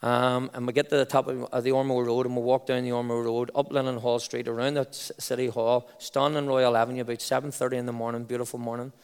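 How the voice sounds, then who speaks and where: A middle-aged man with a Belfast accent, giving an earnest personal faith testimony, halting and repeating phrases for weight. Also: medium pitch, level tone, clear, resonant tone, big-room sound.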